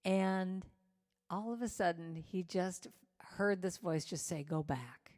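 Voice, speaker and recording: Low-voiced woman telling a sermon story. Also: slow. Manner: animated storyteller acting out quoted voices. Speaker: guest speaker at a church service.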